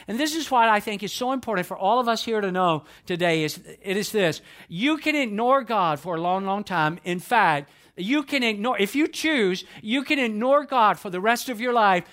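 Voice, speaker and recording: A male pastor preaching to his congregation with a notably high voice. He drives his points home by repeating key phrases and putting questions to the listeners, in an earnest, emphatic way. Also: a bit bright. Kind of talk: sermon. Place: church with a projection screen.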